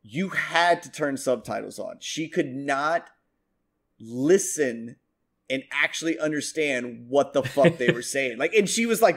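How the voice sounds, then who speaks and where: Animated and speaking at normal speed in a mid-range voice, a young American podcast co-host chats casually. He tends to ramble, curse, and lean heavily on fillers.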